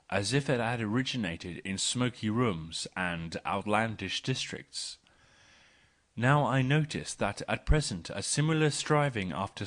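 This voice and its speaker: A man giving a measured audiobook reading of a philosophy text, speaking the punctuation aloud as quote and paren. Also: fairly low pitch. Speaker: audiobook reader.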